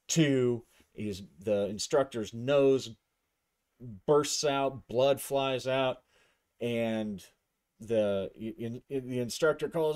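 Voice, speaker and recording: A man's voice: medium pitch, extremely slow, darkish tone. A man narrating a solo tabletop game, thinking aloud as he describes the action and his dice rolls.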